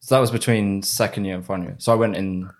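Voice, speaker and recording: Fast-talking young man, low voice. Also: fairly even intonation. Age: 20s. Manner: chatty, recalls events in long rambling runs. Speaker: podcast guest. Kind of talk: casual chat.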